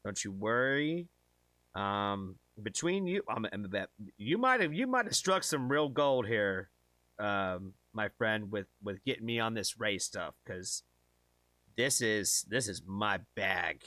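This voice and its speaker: A man's voice: fairly low pitch, lively intonation, takes it slowly, bright, forceful tone, no echo. A man hosting a music reaction video, talking casually and enthusiastically in loose, rambling sentences. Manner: rambling, enthusiastic, stacks of "like" fillers.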